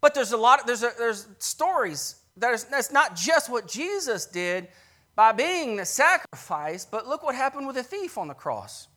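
Delivering a passionate sermon at normal speed, this preacher tells scripture stories in a conversational, storytelling way. His pitch swings widely, ranging from loud, emphatic highs down to quiet, hushed moments.

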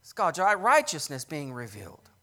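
A man preaching a sermon with passion, telling scripture stories in a conversational way and swinging from loud, emphatic peaks to hushed, soft lows. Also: wildly swooping pitch, normal speed. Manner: storytelling, retells scripture scenes conversationally.

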